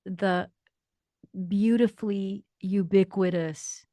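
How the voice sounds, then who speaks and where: A woman's voice: mid-range voice, steady tone, takes it slowly, dark tone, no room sound. A woman radio host interviewing an author, enthusiastic and laughing along.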